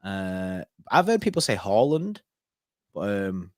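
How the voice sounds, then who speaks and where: Young male co-host, casual and animated, dry close sound. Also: on the low side, slow, no room sound. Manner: animated, laughs often, lively bursts. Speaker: co-host of fan live stream. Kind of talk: casual chat.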